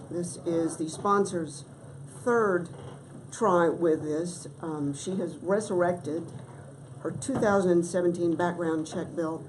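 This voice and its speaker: A middle-aged woman delivers formal testimony to a committee in a fairly low voice. She is measured and emphatic and leans on key words. A faint hiss of the hearing room sits under her. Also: darkish tone, low-quality recording. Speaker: testifying witness.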